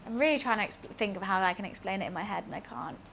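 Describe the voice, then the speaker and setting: A woman's voice: medium pitch, lively intonation, racing, creaky, a bit bright, slight background noise. A young woman chatting casually while she cooks at home, rambling and laughing at herself. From Britain. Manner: chatty and self-deprecating, rambling with fillers. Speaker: cooking streamer. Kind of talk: casual chat while cooking. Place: home kitchen.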